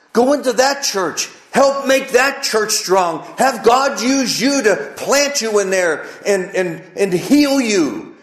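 A man delivering a sermon with a high, expressive voice that rises and falls widely. He speaks slowly and deliberately, pressing his points with rhetorical questions and repetition. The sound carries the echo of a large room. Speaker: pastor.

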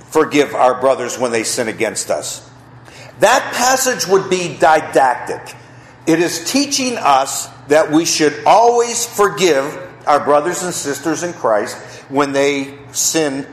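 A pastor preaching a sermon, posing questions to the congregation and answering them himself. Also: male voice, fairly high pitch. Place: church sanctuary. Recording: echoey church room.

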